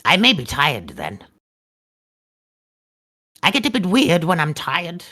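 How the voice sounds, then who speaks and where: A woman's voice: lowish voice, wildly swooping pitch, takes it slowly, sharp tone, full character voice. A woman voicing an eccentric male artificer who speaks stiffly and formally, without contractions. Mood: blunt.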